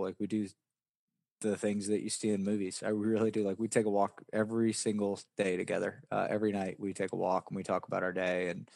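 A Southern-accented poker player from West Virginia answers interview questions casually and ramblingly, restarting often and using lots of fillers. His voice is lowish and darkish with vocal fry. The recording is dry and cleanly studio-made.

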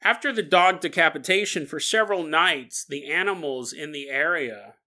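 Jokey podcast storyteller, bright voice. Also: male voice, a little high, normal speed. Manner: jokey, laughs often, shifting volume. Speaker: podcast host. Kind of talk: casual storytelling.

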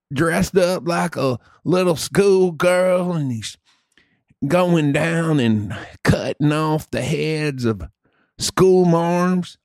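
A man voicing a loud, boastful redneck country-music fan with a Southern accent, crude and drawling. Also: fairly high pitch, dry recording, studio quality, voice pushed up.

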